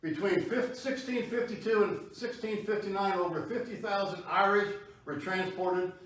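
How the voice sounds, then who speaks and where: In a meeting hall with an audience, a man delivers a conversational public history lecture, frequently asking the listeners questions. His voice sits high with a fairly bright tone at a normal speed. A distant tripod camera captures him, so the hall sounds echoey from far away.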